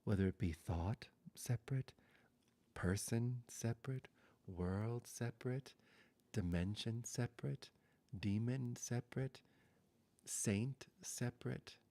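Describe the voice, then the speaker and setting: Slow, gravelly, half-whispering man. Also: medium pitch. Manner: slow, soft, half-whispered with long pauses. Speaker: spiritual teacher. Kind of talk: satsang talk.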